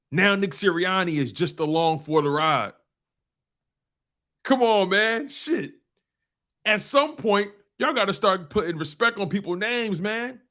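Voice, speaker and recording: A man hosting a sports talk show, ranting in a casual, animated way and repeating phrases for emphasis. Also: sits high.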